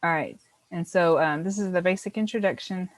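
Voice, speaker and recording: A woman's voice: lowish voice, brisk, poor audio. A woman teaching a beginner language class, explaining patiently step by step and encouraging her students.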